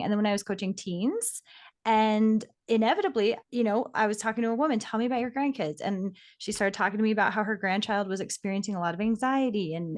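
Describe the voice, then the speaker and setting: A woman hosting a casual podcast interview, responding with encouragement and asking follow-up questions. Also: medium pitch. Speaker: podcast host.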